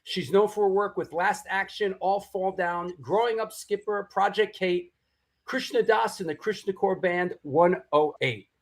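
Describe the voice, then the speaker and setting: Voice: mid-range voice, measured pace. A host running a live online show, introducing a guest and bantering playfully. The talk is easygoing and full of jokes. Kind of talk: casual chat.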